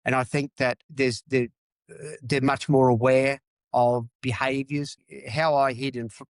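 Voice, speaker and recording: A man's voice: mid-range voice, no room sound. A middle-aged man from Australia, a podcast guest, talking candidly and emphatically, repeating phrases and swearing. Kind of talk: candid interview talk.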